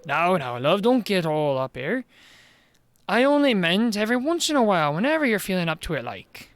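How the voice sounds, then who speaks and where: A man's voice: sits high, very animated, normal speed, fairly bright tone. A man voicing a scheming middle-aged male village mayor in a video game, coaxing and wheedling with a put-on Welsh-style lilt. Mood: coaxing, sly.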